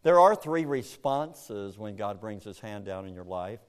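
A man preaching a sermon to a congregation, animated, jumping into loud, high acted-out voices. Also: measured pace, clear, resonant tone. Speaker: pastor.

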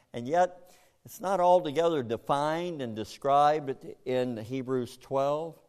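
A male pastor preaching with lively, theatrical delivery. He drops low and quiet, then leaps into loud, high-pitched mock voices. His pitch sits mid-range for a man. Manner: animated preaching, acting out voices with loud bursts. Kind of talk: sermon.

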